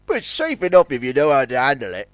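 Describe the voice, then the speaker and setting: A man's voice: mid-range voice, huge pitch swings, fast, smooth, no room sound, clean studio sound. A man voicing a cheerful, reckless male boat with a gleeful, boastful manner.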